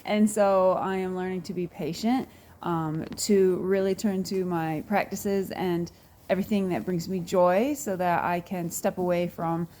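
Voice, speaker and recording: A woman hosting a wellness talk, speaking earnestly and emotionally about a personal experience, with sighs and pauses between thoughts. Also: fairly low pitch, fairly even intonation, dark tone, slight background noise. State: near tears. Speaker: wellness show host. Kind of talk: personal reflective talk to viewers.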